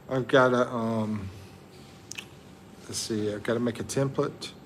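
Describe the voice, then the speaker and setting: A man hosts a relaxed live chat, greeting viewers by name and wandering from thought to thought. He talks at an unhurried, slow pace in a mid-pitched voice. A faint noise sits behind him. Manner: rambling, chatty, thinks aloud. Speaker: livestream host. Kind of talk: casual live chat reading viewer comments.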